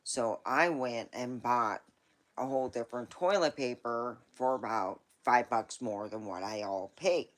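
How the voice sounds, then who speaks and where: A woman's voice: rumbling low, a little slow. A woman hosting a live stream, chatting casually in a rambling, folksy storytelling way.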